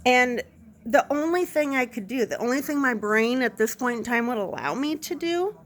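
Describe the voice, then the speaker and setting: A woman nurse casually telling a funny work story to camera, animated and self-deprecating. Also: on the high side, normal speed, a little hiss or hum. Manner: animated anecdote, self-deprecating, laughs through it.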